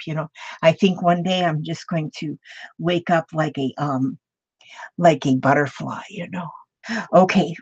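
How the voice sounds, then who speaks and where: Older lady rambling on her craft stream, lowish voice, kinda muffled dry audio. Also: darkish tone, no echo. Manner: rambling, chatty, greets viewers by name. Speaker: crafting livestream host. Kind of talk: casual livestream chat. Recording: dull lo-fi dry sound.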